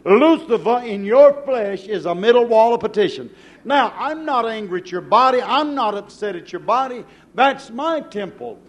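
A man's voice: extremely high pitch, expressive, normal speed. A male preacher delivering a fervent sermon in a church, pressing his listeners with rhetorical questions.

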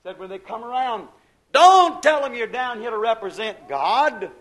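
A man preaching a sermon, rising to loud bursts and dropping to a hush. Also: extremely high pitch, expressive, normal speed. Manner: preaching with sudden loud bursts and hushed drops.

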